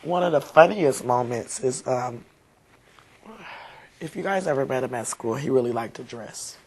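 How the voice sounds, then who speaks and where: A woman's voice: a bass voice, moderate pace, a little mellow, a little hiss or hum. A woman, a mother being interviewed, talking heartfelt and rambling with many fillers. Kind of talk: emotional interview recollection.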